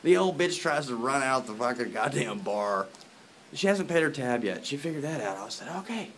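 A man's voice: mid-range voice, expressive, moderate pace, fairly bright tone, a little hiss or hum. A man ranting casually to camera as a vlogger, profane and laughing, drifting off topic outdoors in the rain. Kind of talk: rambling casual rant to camera.

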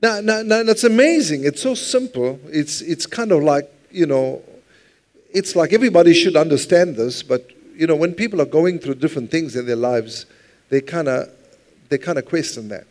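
Male pastor, fairly high voice, easygoing sermon delivery that often calls for congregation responses. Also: normal speed, a little mellow. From South Africa. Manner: conversational preaching, repeats words, calls for congregation responses. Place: church.

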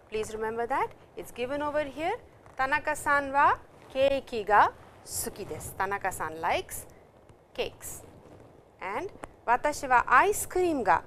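Speaking in a sharp, expressive voice on the higher side, an Indian woman teaches Japanese while a faint hiss or hum sits underneath. Her recorded lesson moves slowly through grammar, pausing to read sample dialogue aloud.

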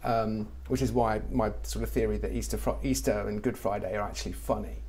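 Speaking briskly in a lowish, darkish, steady voice, a middle-aged comedy writer from England gives a lively conversational interview. When quoting others, he puts on mock voices.

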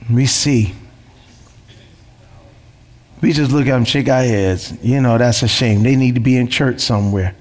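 A man's voice: medium pitch, a little slow, pauses often, a little mellow, in a large hall. A man preaching a sermon as pastor, emphatic, repeating phrases and asking rhetorical questions.

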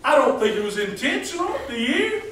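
A pastor preaches in a folksy, joking way, tossing questions at his congregation. His voice sits high for a man. He is heard from a distance in a very echoey church hall with faint room noise. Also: very animated, brisk, fairly bright tone. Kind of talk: folksy sermon.

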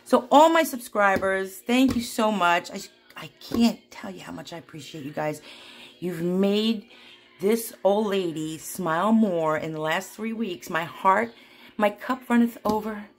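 A woman craft vlogger at home, chatting casually to viewers in a giddy, excitable, giggly way. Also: medium pitch, a little slow. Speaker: craft vlogger hosting a giveaway.

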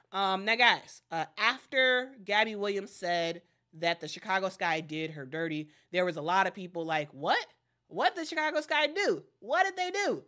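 Woman doing casual sports talk, lowish voice, chatty, lots of restarts, talks to "guys". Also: sharp tone, smooth. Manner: chatty, many fillers and restarts, addresses viewers as guys. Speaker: sports commentary host. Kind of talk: casual commentary.

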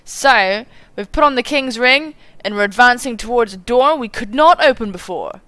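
Woman, let's play host, casual game commentary, giggly, excitable, very animated pitch. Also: moderate pace, dry recording. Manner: giggly, excitable, swears and exclaims.

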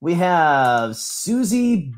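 A man's voice: fairly high pitch, drawn-out words. A man co-hosting a livestream, cracking jokes while opening trading cards. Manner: playful, wisecracking, lively. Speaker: podcast co-host. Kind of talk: joking livestream banter.

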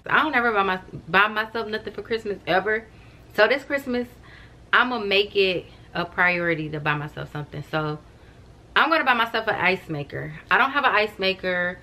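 Here a young woman chats to camera from home, bundled in a robe and blanket, calling her audience "y'all" throughout. Her mid-range voice is expressive, brisk, and pushed and bright.

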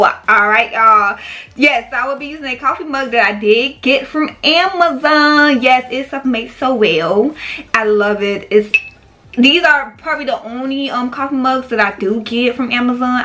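A talkative woman vlogger, chatting straight to her viewers. Her voice sits a little high and has a bright, forceful edge. She keeps calling her audience "y'all" and "baby". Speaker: small business owner and vlogger. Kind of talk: casual chat to viewers.

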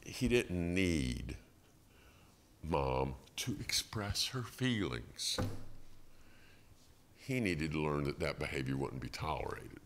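Animated, bright-voiced middle-aged preacher. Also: male voice, very deep voice, slow pace, pauses often, slight background noise. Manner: animated storytelling with acted quotes and chuckles. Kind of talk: sermon. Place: church.

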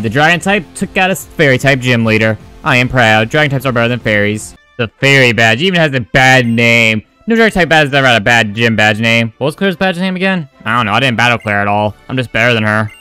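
A man's voice: medium pitch, bright, forceful tone, clean tone. A man giving sarcastic, crude, joking commentary over his game playthrough. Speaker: gaming video creator.

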